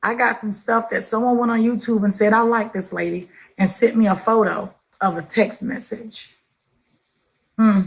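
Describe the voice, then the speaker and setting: A woman's voice: on the high side, fairly even intonation, measured pace, vocal fry, pauses often. A woman hosting a casual livestream chat, greeting viewers by name and calling them pet names like baby and sugar. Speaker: livestream host.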